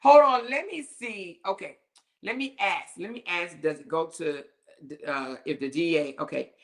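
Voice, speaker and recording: With a lowish voice at a normal speed, this woman hosts a casual commentary talk show. Her delivery is sassy and heavy on profanity, full of mockery and frequent laughter.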